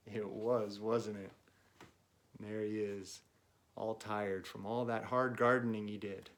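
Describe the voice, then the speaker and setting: A man reading a picture book aloud to children, with gentle chatty asides to young listeners. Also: on the low side, flat delivery, takes it slowly. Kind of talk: read-aloud storytime for kids.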